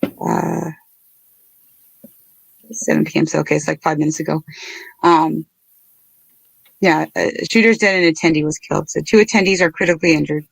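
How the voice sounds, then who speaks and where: A woman hosting a casual livestream, talking in an earnest, halting and apologetic way. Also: deep voice, steady tone, gravelly, dry recording. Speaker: livestream host.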